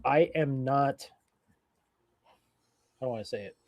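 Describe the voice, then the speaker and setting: A man's voice: mid-range voice, takes it slowly, darkish tone, no echo. A man co-hosting a casual live drinking stream, rambling and swearing, a little drunk and burping between thoughts. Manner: rambling, profane, loose and tipsy. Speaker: co-host of a live beer-tasting stream.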